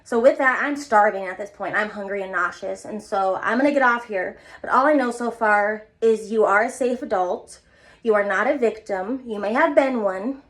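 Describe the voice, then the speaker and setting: A young woman giving an earnest, rambling motivational talk to her viewers in a casual vlog. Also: mid-range voice. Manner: earnest, rambling, repeats herself. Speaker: vlogger.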